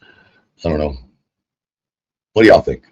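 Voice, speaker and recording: A man's voice: very deep voice, lively intonation, slow, a little mellow, muffled recording. Rambling man talking to his viewers. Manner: rambling, chatty, addresses viewers directly. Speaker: online streamer. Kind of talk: casual livestream monologue.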